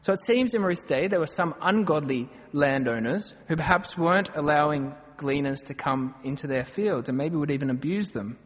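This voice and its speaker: A man's voice: a little high, expressive, normal speed, few pauses, in a large hall. An Australian man preaching a sermon, earnest and emphatic as he works through a passage verse by verse.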